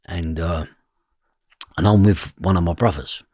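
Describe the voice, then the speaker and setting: Blunt man with a husky voice. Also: low voice, fairly even intonation, unhurried, darkish tone, no echo, studio quality. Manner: blunt, swears freely, keeps asking "do you know what I mean". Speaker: podcast guest. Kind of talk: personal storytelling.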